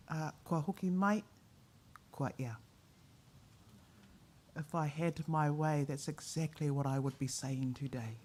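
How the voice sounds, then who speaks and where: A woman with a New Zealand accent representing a museum board, giving a formal ceremonial speech. Her delivery is measured and she mixes oratory with wry, joking asides. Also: deep voice, warm tone.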